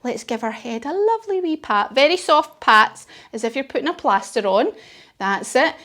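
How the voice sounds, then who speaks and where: A woman's voice: high-pitched, lively intonation, moderate pace, bright, forceful tone. A woman telling a story while leading a children's yoga class, playful and encouraging. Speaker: kids yoga teacher.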